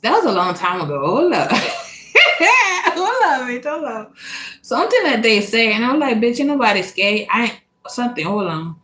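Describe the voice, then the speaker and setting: A woman from Louisiana, telling a personal story in a casual, animated and profane way, laughing often. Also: a little high, fairly quick, noisy background. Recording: echoey room.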